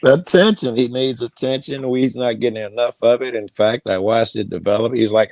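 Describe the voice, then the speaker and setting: Blunt gravelly-voiced man panelist. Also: fairly low pitch, steady tone, normal speed, darkish tone, no echo. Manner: blunt, mocking, interrupts. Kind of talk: heated panel debate.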